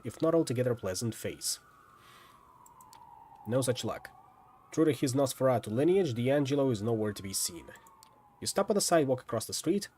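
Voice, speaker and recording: Male streamer reading a story game aloud, lively delivery with playful asides. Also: medium pitch, slight background noise. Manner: lively, lightly dramatic narration with asides. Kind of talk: reading a visual novel aloud.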